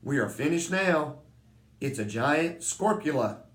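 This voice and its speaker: A man's voice: on the high side, measured pace, voice pushed up. A man voicing a pompous, jumpy male fire chief in a storybook reading, exclaiming in an echoey room. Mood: excited. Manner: excitable, exclaiming.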